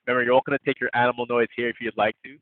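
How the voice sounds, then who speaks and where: A man leading an online yoga class, gently cueing breaths and poses in a playful way. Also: mid-range voice, little pitch movement, rapid-fire, no echo. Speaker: yoga instructor. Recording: tinny phone-like audio, dry.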